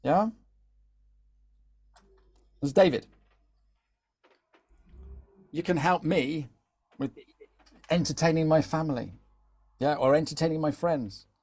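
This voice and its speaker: A LinkedIn content trainer, a man, gives a live online talk in a slow, fairly high voice with long pauses and a darkish, breathy tone. He's chatty, repeats words often, and keeps checking in with "yeah?".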